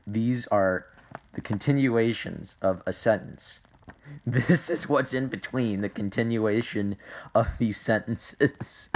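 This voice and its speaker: A man's voice: on the low side, slow, slight background noise. Man mock-reading a safety comic. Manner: mock-earnest, reading aloud with silly voices. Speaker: comedy video host. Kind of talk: comedic read-through of a safety comic.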